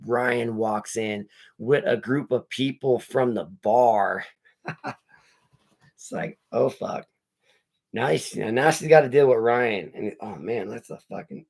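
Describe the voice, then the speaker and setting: Gravelly low-voiced man recapping a movie. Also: a little mellow. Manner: rambling, profane storytelling with quoted dialogue. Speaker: movie reviewer. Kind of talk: casual spoiler recap while unboxing comics.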